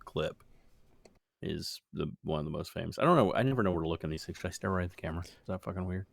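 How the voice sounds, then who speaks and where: A man's voice: low-pitched, lively intonation, quick pace, gravelly. A man co-hosting a podcast, rambling in casual chat, swearing freely and laughing often. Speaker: podcast co-host.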